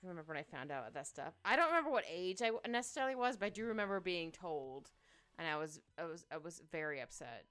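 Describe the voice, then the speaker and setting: A woman's voice: on the low side, big pitch swings, fast talker, fairly bright tone. A woman streamer chatting casually while she draws, thinking aloud and humming to herself. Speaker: streamer drawing live. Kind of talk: casual chat while drawing. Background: faint background music.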